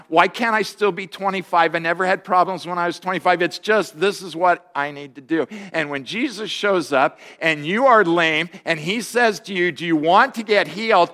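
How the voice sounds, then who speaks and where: A man in his fifties delivers a sermon in a notably high voice. He tells stories from his own life with humor, and his voice jumps up and gets louder whenever he acts out a quoted line. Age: 50s. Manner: storytelling with humor, voice jumping high and loud in quoted lines. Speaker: pastor.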